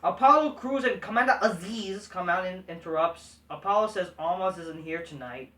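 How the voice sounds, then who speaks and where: A man's voice: high voice, normal speed, a bit bright, recorded from a distance. A man hosting a casual recap show, talking in a blunt, profane, dismissive way. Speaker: host. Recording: echoey room, voice set back from mic.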